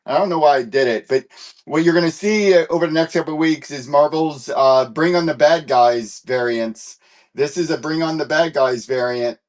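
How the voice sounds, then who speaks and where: A man's voice: a little high, moderate pace. A man hosting a live comic book sale, chatting casually and rambling with many fillers while he searches for stock. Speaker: live-stream comic seller.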